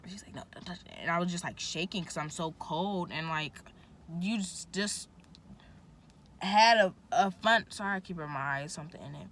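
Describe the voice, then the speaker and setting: A young woman vlogger tells a casual story, animated and indignant, full of "like". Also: on the low side, normal speed, slight background noise. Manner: animated, indignant retelling with lots of "like".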